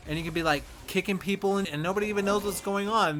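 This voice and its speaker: A man's voice: sits high, fast, fairly bright tone, a little hiss or hum. Playful rambling male gamer. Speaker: gaming channel host. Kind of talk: casual game guide commentary.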